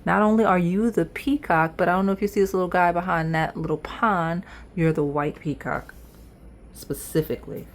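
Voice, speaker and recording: Low-voiced woman reading tarot. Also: steady tone, normal speed, a little hiss or hum. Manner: chatty, playful, talks straight to viewers. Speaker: tarot reader. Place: indoors at a table.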